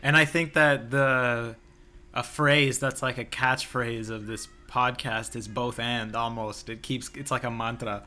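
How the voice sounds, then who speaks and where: A man's voice: mid-range voice, steady tone, a little slow, pushed and bright. A young man co-hosting a podcast outdoors, thinking aloud in a casual philosophical conversation with many restarts and fillers. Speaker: podcast co-host. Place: outdoors near a playground.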